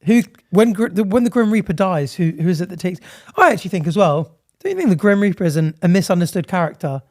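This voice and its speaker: A man's voice: high-pitched, fast, darkish tone. A man co-hosting a podcast in casual comedic chat, playful and laughing often, acting out little voices. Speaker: podcast co-host. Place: studio on a high floor.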